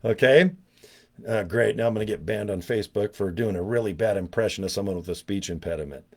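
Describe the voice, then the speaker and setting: A man's voice: lowish voice, fast. A man in his sixties talking casually to camera in a rambling, joking monologue full of self-mocking asides. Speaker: online business vlogger.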